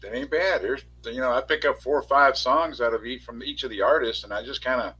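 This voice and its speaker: A man's voice: mid-range voice, fairly even intonation, a little fast, sharp tone, breathy edge, poor audio. A middle-aged man in casual livestream chat, rambling and correcting himself as he talks. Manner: rambling, self-correcting storyteller.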